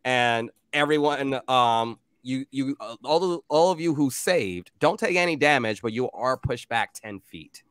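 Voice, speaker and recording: A man's voice: medium pitch, lively intonation, unhurried, hardly any pauses, a bit bright, smooth, dry recording, studio quality. A man narrating as game master of a tabletop game, rambling loosely with many fillers.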